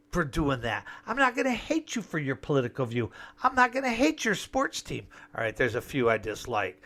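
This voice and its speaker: A man's voice: high-pitched, bright, forceful tone. A man delivering an emphatic, rambling political monologue with sarcastic asides. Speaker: political commentator.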